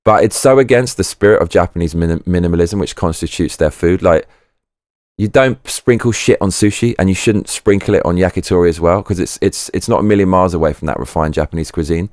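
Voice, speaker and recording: On a clean, echo-free studio recording, a low-pitched man with a dark tone talks quickly as he hosts a live chat stream. He wanders from point to point, swears liberally, and keeps starting over.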